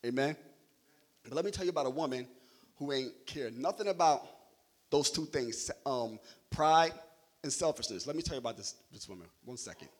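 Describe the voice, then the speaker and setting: A man's voice: medium pitch, animated, normal speed, long pauses. A young adult man preaching a sermon in a loose, joking, conversational way, checking in with "right?" after nearly every point.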